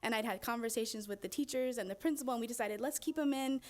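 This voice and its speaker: A woman's voice: on the high side, fast talker, slight background noise. A woman speaking as a parent in public comment at a school board meeting, earnest and pleading, close to tears.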